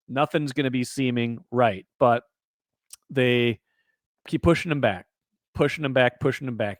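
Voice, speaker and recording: A man hosting a sports podcast who recaps a football game in a casual, animated way and asks lots of rhetorical questions. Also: mid-range voice, no echo, studio quality. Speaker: podcast host.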